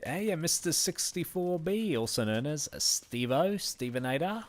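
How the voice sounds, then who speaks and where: A man's voice: a little high, animated, moderate pace. An Australian man from Western Australia, chatting casually with his viewers while streaming a game, laughing often and thanking people by name. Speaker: gaming streamer. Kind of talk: casual live-stream commentary.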